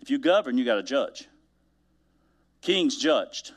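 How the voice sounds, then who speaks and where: A male pastor preaching a sermon, animated, swinging between loud emphasis and hushed asides. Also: medium pitch, a little slow.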